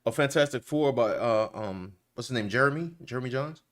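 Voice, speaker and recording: A man's voice: medium pitch, animated, fairly quick. Male co-host, easygoing rambler, mid-range voice, casual commentary chat. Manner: rambling, loose and colloquial, many restarts.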